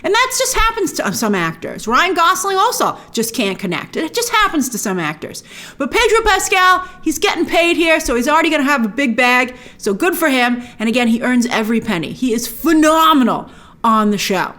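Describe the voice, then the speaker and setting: A high-pitched woman talks through a TV series review in a casual, chatty way. Her pitch swoops up and down constantly, and she keeps slipping into playful little asides as she goes. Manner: animated, chatty, acts out quick asides in her own voice.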